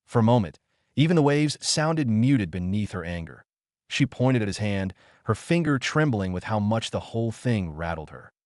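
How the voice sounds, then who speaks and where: A man narrating a fantasy story in a steady, even storytelling manner. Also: on the low side, moderate pace, no room sound, studio quality. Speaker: audiobook narrator.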